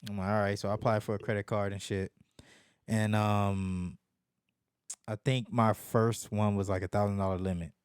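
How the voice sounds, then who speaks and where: A young man in casual podcast chat, telling a profane story and jumping into lively voices when he quotes people. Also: lowish voice, moderate pace, clean tone, no room sound, studio quality. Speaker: podcast host.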